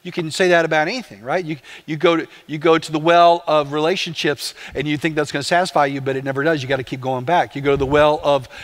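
A man's voice: a little high, steady tone, fast talker, few pauses. A man, a pastor, preaching a conversational sermon with rhetorical questions to the congregation.

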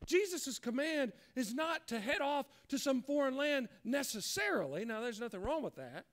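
Man, pastor, sermon, very high pitch, earnest, acts out quoted voices. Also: big pitch swings, moderate pace, fairly bright tone.

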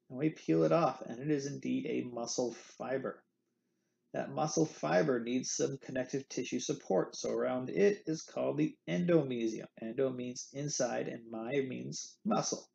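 A man's voice: medium pitch, vocal fry, warm tone, lo-fi sound. A man teaching an anatomy lecture in a playful way, repeating the key terms. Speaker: anatomy instructor. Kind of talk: recorded lecture.

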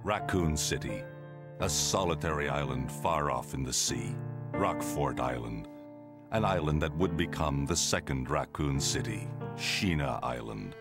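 A man's voice: very deep voice, animated, a little slow, creaky, exaggerated voice. An actor voicing a grave male narrator, giving scripted narration for a game intro. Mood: solemn. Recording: narration over loud game music.

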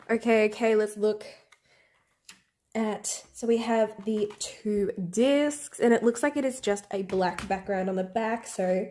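A young woman vlogger unboxing albums in a room at home, gasping and gushing, often dropping to breathy half-whispered squeals. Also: mid-range voice, slow, darkish tone, slight background noise. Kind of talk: excited unboxing chat.

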